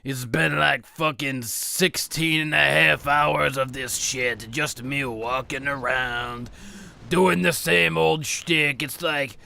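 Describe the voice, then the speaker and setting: A man's voice: on the high side, steady tone, slow, gravelly, pushed and bright, heavily acted. A man voicing an ancient, weary evil spook who groans profane, self-pitying complaints over video game play. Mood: weary disgust. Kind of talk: in-character commentary over video games.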